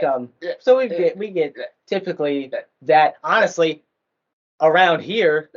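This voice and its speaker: A man, a father guest on a podcast, talking casually and chattily with frequent laughs and fillers. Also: a little high. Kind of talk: casual interview chat. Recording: dull lo-fi audio.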